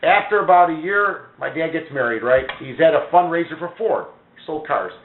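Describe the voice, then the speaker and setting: A man in a casual talk-show chat, spinning a blunt, animated story and swearing freely. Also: a little high, fairly quick. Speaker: guest. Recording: tinny, echoey phone-like audio with faint hiss.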